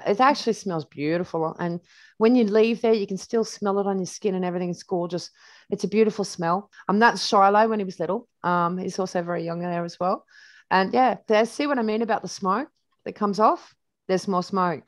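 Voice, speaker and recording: A woman's voice: mid-range voice, dry recording. A woman with an Australian accent tells stories loosely, as if walking a friend through a photo album. Her voice sits in a middle register, and she often doubles back on her own words. The sound is dry and close, with no room around it. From New South Wales, Australia. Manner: chatty and rambling, with many restarts; vivid anecdotes with reported speech. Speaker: interview guest. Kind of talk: casual storytelling over photos.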